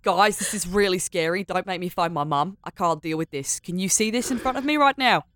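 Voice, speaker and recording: A woman's voice: fairly low pitch, brisk, a bit bright, no echo, clean studio sound. A woman playing in a tabletop game, who banters playfully in character and laughs often. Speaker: player.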